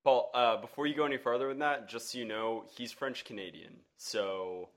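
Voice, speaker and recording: A man's voice: mid-range voice, normal speed. Dry, teasing man on a podcast. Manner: dry, dark, teasing humor. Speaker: podcast co-host. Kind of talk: casual comedic chat.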